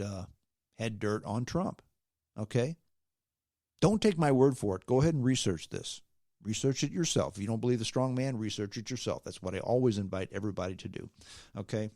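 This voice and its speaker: A man hosting his own podcast, delivering an emphatic, animated opinion rant and tagging his points with "okay?". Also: lowish voice, no echo, clean studio sound. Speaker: podcast host.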